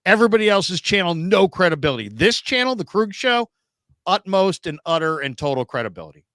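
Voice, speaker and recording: Male host, 40s, bright and animated storyteller, dry close mic. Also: sits high, fairly quick, no echo. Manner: animated storyteller, acts out quoted people. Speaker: show host. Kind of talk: casual sports podcast chat.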